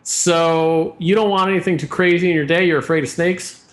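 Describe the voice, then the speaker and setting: A man co-hosting a movie podcast, sarcastic and quick to laugh. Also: on the high side, steady tone. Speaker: podcast co-host. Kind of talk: casual podcast chat.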